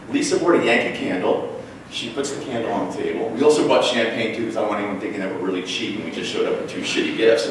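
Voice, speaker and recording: A man telling a personal story on stage at a storytelling class, wry and animated, mimicking voices for punchlines. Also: medium pitch, slight background noise. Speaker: storyteller at a live class show. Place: small theater with an audience. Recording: echoey room recorded from far off.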